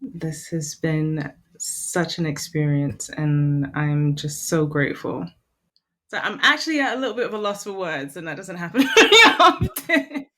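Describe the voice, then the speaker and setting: Low-voiced woman podcast host. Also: lively intonation, measured pace, sharp tone. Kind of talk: casual interview chat.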